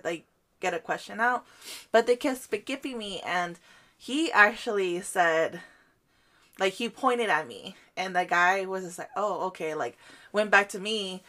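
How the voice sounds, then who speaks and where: A woman's voice: medium pitch, moderate pace. Young woman telling a story, lots of "like". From Guatemalan family. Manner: animated storytelling, heavy use of "like", frequent laughter. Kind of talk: casual chat.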